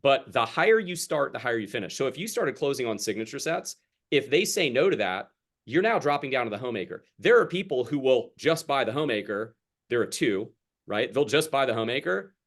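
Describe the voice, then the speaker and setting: A young man coaches a sales team on a group video call, speaking in a mid-range, sing-song voice that is fairly quick and a bit bright. His sales training talk is chatty and casual, and he acts out exchanges with customers.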